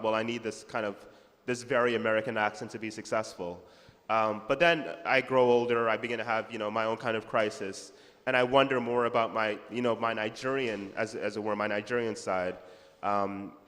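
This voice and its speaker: A man's voice: on the low side, in a large hall. A man talking as an author guest in a festival panel conversation, reflective and easygoing. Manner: reflective, animated when retelling memories. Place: festival hall.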